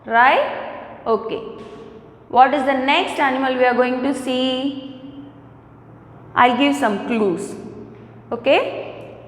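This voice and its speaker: Slow high-voiced Indian teacher, echoey hall. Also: female voice. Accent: Indian English. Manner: slow, repetitive questions to the class. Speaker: kindergarten teacher. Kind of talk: online lesson for young children.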